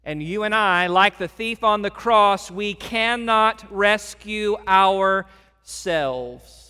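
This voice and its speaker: A man delivers a sermon from the pulpit, his fairly high, bright and forceful voice rising to loud emphatic peaks and dropping to hushed, intimate passages. The sound hangs in the long reverb of a large church sanctuary. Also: takes it slowly, smooth. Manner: swings between loud emphatic preaching and soft hushed delivery. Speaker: pastor.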